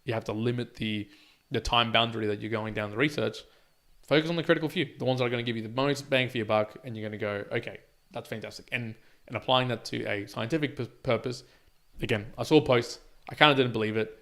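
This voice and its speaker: Guy talking fast on a podcast, punchy and emphatic, keeps restarting words. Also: medium pitch, fairly bright tone. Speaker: podcast co-host. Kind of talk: casual podcast chat.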